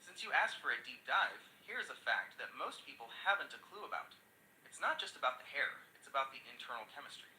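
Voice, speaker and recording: A male synthetic voice tells jokes in an upbeat, chatty way, with pitch that moves a lot. The tone is bright, and an echoey room can be heard around it. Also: big pitch swings, a little fast, slight background noise. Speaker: AI joke teller. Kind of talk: scripted joke narration.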